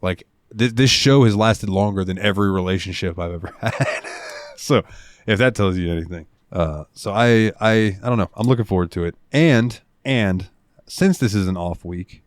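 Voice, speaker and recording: A man with a lowish voice hosts a gaming podcast, talking in a loose, rambling way and swearing now and then. The sound is dry and close, with little room around it. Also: darkish tone, no echo. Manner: laid-back, rambling, swears casually. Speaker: podcast host. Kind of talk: casual chat.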